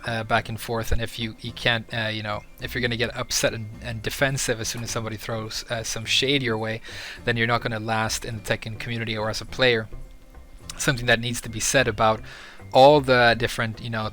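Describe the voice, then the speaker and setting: A young adult man talking casually about the gaming community, rambling with many filler pauses. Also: mid-range voice, pushed and bright. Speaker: Tekken YouTuber. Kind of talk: casual monologue.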